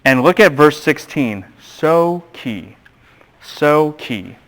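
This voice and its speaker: Animated man lecturing a class. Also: on the high side, takes it slowly, rough recording. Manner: animated, asks the class questions and acts out voices. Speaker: seminary lecturer.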